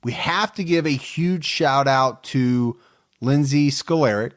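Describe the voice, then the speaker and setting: A man's voice: mid-range voice, slow pace. A man co-hosting a true crime podcast, chatting casually and teasing his co-host, often laughing.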